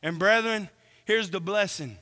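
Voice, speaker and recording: A man preaching a sermon, slow and earnest, asking the congregation questions as he reads from scripture. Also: high-pitched, sharp tone, big-room sound.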